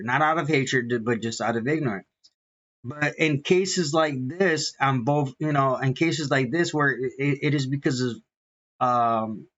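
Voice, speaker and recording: A man's voice: mid-range voice, a bit bright. A man talking as a minister in a rambling, earnest casual monologue, repeating himself and restarting sentences. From United States. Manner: repetitive, restarts often, earnest. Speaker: vlogger and minister. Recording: dull lo-fi sound.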